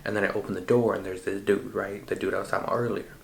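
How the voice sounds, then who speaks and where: A man hosting a podcast, recounting a dream in an animated, slangy and profane way. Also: fairly low pitch, very fast, vocal fry, a little hiss or hum. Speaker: podcast host. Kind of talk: casual storytelling. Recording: roomy echo.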